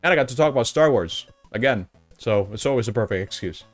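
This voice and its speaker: A young man streaming live, giving casual, rambling commentary full of restarts and fillers, sometimes laughing as he gets excited. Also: mid-range voice, fast, faint music behind. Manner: gets excited and laughs when recalling fun moments.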